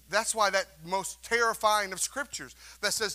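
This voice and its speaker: A man's voice: sits high, moderate pace, hardly any pauses, bright, forceful tone. A male pastor preaching a sermon to his congregation, emphatic and calling for responses. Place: church sanctuary.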